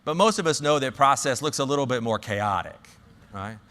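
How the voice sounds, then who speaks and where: A man's voice: mid-range voice, lively intonation, brisk, a bit bright, big-room sound. A man with a Southern US accent telling a story as a conference speaker, with many fillers and restarts. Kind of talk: conference talk.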